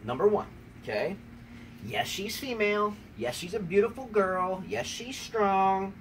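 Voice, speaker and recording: American guy teasing his wife, high animated voice, mic kinda far off, faint background hiss. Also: a little slow. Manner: teasing, rambling, repeats "number one, okay?". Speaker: tennis show host. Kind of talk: playful trash talk to his wife. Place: outdoors on a rainy day. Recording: distant mic with faint ambient noise.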